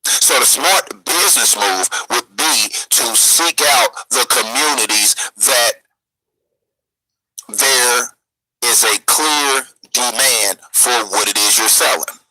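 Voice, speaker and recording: A man lectures in a preachy, profane rant. His voice is bright, sharp and husky, recorded dry and close. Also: mid-range voice, slow pace, dry recording, rough recording. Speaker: speaker in a played clip.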